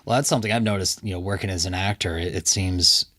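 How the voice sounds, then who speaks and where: A man hosting a podcast in a recording studio, chatty and lively as he talks with his guest. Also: deep voice, quick pace. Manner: chatty, animated, laughs easily. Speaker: podcast host. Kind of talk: casual interview chat.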